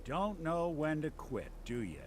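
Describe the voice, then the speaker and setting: Sardonic male robot detective for a game, lively, taunting delivery, crowd noise behind. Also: on the high side, a little slow. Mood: mocking. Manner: dry, mocking.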